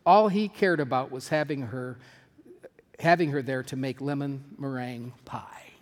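In a church sanctuary with long hall reverb, a pastor with a medium-pitched voice preaches a sermon. He reads a children's story aloud and draws lessons from it in a measured, reflective, earnest way.

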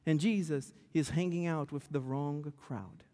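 A male pastor preaching a sermon, telling a story with lively, stammering restarts. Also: a little high, unhurried. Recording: long church hall reverb.

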